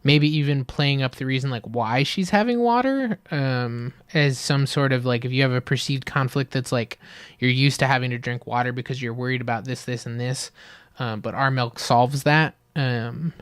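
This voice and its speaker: A man giving a casual, rambling critique of an ad, full of fillers, who acts out little scenes in higher voices. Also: moderate pace, clean tone, no room sound. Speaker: video critic reviewing ads.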